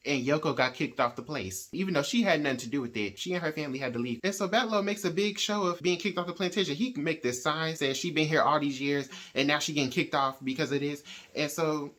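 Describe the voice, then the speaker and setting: Animated man recapping a novel. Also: a little high, fast talker. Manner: animated storyteller who acts out quoted characters; conversational, with frequent "like" and "right?". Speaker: book reviewer hosting a reading channel. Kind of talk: casual plot recap.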